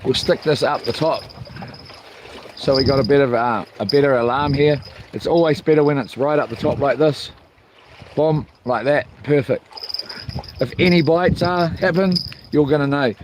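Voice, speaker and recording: A man's voice: medium pitch, moderate pace, noisy background. A man chatting casually while fishing, joking, rambling and swearing. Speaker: fishing vlogger. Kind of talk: casual vlog chat. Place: outdoors by the water while fishing.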